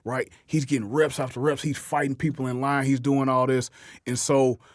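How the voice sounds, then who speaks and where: A man's voice: medium pitch, level tone, normal speed, dry recording. A man hosting a casual podcast chat, telling football stories and acting out the voices of the people in them. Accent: New Orleans. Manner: storytelling, acts out quoted voices, repeats words. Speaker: host, football coach.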